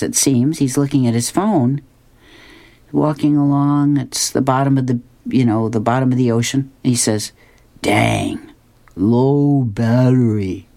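Very low-voiced woman radio host. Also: warm tone. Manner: chatty, amused. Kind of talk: reading comics on air.

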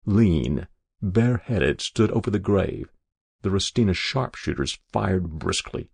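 A man narrating an audiobook in a measured, even storytelling way. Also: low-pitched, creaky, husky, no room sound, studio quality.

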